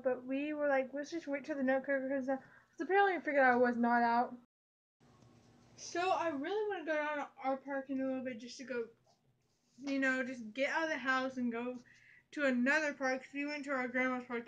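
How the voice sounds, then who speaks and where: A woman's voice: sits high, muffled recording. A female vlogger rambling casually to her camera at home, recorded on the camera's built-in mic. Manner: rambling, breathless. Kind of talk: casual vlog chat. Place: at home, bedroom.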